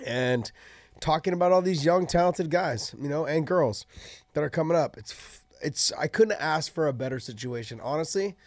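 A man talking casually as an interview guest, jokey and relaxed. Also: fairly high pitch, moderate pace, no echo, clean studio sound. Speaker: interviewee, former pro fighter. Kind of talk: casual chat.

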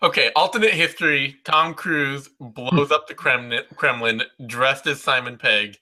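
This male podcast co-host has a mid-range voice that sounds pushed and bright, moving at a measured pace. Joking around in relaxed conversation, he frequently stammers and starts his sentences over.

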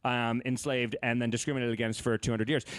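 A man's voice: mid-range voice, little pitch movement, fast, no room sound. A man co-hosting a podcast in casual chat, rambling with fillers and restarts, joking and swearing. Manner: profane, joking. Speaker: podcast co-host.

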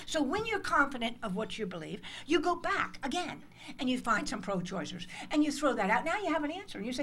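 In a conference hall, a U.S. woman in her sixties addresses interns with a passionate motivational talk. Her voice is high-pitched, very animated, brisk and fairly bright, with a little hiss or hum in the audio, and she acts out dialogues emphatically.

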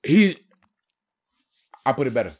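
A man's voice: medium pitch, sing-song, unhurried, a little mellow. Blunt emphatic man on a podcast. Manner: blunt, emphatic, repeats his points. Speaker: podcast co-host. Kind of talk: casual chat.

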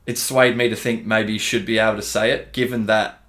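Brief: Australian gym-owner podcast host, relaxed, swears a lot, calls everyone bro. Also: male voice, on the low side, brisk. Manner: laid-back, swears freely, calls listeners dude and bro. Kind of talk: casual podcast chat.

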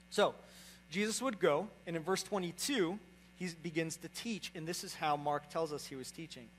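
High-voiced conversational male pastor. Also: a little hiss or hum, rough recording. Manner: conversational, repeats "right?" to the congregation. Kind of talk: sermon.

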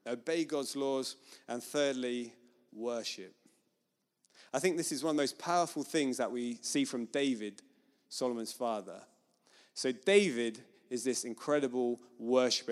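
Man preaching in a reverberant hall. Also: mid-range voice. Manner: conversational, acts out voices in quotes. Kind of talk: sermon.

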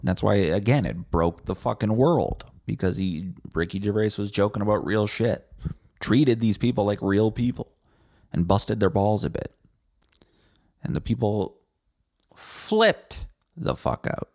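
Man, podcast host, gravelly low voice, blunt, sarcastic, profane, dry close sound. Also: animated, unhurried, darkish tone, dry recording. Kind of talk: solo podcast rant.

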